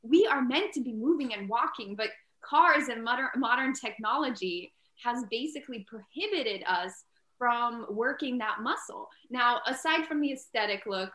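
A woman with a bright, crisp, fairly high voice gives an earnest, casual interview as an entrepreneur. She scatters "like" through her sentences and pushes her points with emphasis. The room around her rings with echo. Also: moderate pace. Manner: earnest, peppered with "like", grows loud and emphatic. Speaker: entrepreneur and inventor, interview guest. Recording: echoey room.

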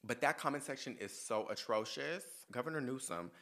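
Bright-voiced sassy male podcast host. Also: mid-range voice, brisk. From United States. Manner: sassy, profane, animated storytelling. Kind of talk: casual monologue.

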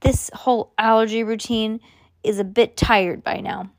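A woman reading a storybook aloud, voicing a scornful middle-aged man who yells at children. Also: a little high, fairly even intonation, a little slow, no room sound, clean studio sound. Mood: angry.

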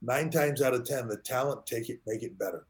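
A man's voice: medium pitch, brisk. Storytelling middle-aged man as podcast guest. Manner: animated storyteller acting out quoted dialogue. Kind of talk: conversational storytelling in an interview.

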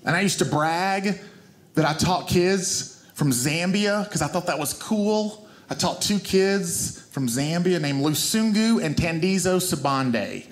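A man's voice: high-pitched, animated, measured pace. A man with a Southern US accent doing stand-up, telling a story with self-mocking asides. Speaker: comedian.

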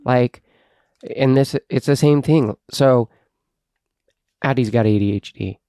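A man's voice: medium pitch, slow pace, mellow, clean tone, no echo, studio quality. Earnest man on a podcast. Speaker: podcast co-host, parent. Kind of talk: casual podcast chat.

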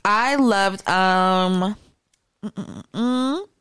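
A woman's voice: medium pitch, extremely slow, fairly bright tone, clear, resonant tone, dry recording, clean studio sound. A woman co-hosting a podcast, chatting casually and retelling stories with lots of expression and laughter. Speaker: podcast co-host. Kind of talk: casual chat.

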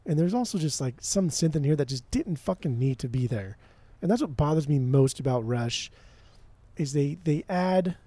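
A man with a higher, mellow voice talks bluntly and swears freely while co-hosting a casual podcast. His opinions come out emphatic and a little exasperated. The sound is dry and close, with no room echo. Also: slightly rough. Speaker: podcast co-host. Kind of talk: casual chat.

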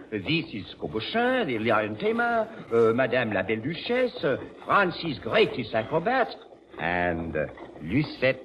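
An actor playing a jovial, commanding French circus ringmaster with a French accent, in a 1940s radio drama. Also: male voice, mid-range voice, fairly bright tone. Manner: theatrical, switches between brisk orders and hearty laughter. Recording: old radio recording with faint hiss.

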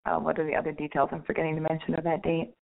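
A woman's voice: low-pitched, completely flat delivery, very fast, vocal fry. Frank, rambling woman radio host. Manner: candid, rambling, frank and profane. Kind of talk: call-in advice show chat. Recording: phone-like narrow band.

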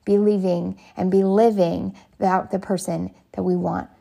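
A woman, likely a parent, giving an earnest, reflective motivational talk, often pausing to search for words. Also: medium pitch, level tone, vocal fry, warm tone. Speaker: parenting speaker.

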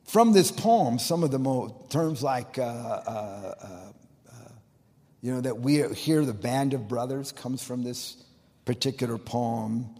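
A man preaching as pastor of a church, telling a story with emphasis and swinging between loud and quiet delivery. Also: mid-range voice, expressive, a little slow. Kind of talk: sermon. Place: church sanctuary. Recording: long reverb of a large church hall.

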